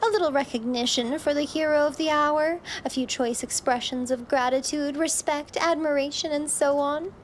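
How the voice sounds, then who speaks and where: A woman's voice: high voice, moderate pace, few pauses, slight background noise, natural voice. A woman voicing a boastful young male noble knight, reading game dialogue aloud in a formal, pompous manner. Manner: pompous, formal old-fashioned phrasing. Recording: game music playing underneath.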